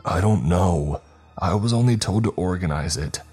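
A man's voice: low voice, moderate pace, darkish tone, husky, soft background music. A man voicing a middle-aged male school principal who blusters, then pleads defensively. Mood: pleading.

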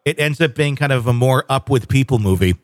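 Man hosting a call-in show, wry and rambling, many fillers, dry close sound, average pitch. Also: brisk, no room sound. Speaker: host. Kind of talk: casual chat.

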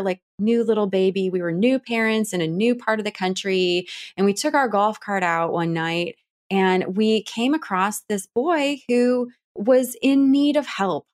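A woman in her thirties from Ohio, a guest telling lively stories with laughter and acted-out quotes. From Ohio, Cleveland area. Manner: lively, laughing, acts out quotes with big pitch jumps. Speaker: guest, author. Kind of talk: animated storytelling in a podcast interview.

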